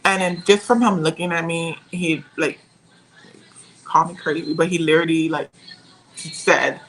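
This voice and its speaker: A young woman telling a painful personal story as a podcast guest, pausing and searching for her words. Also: deep voice, steady tone, slight background noise, rough recording.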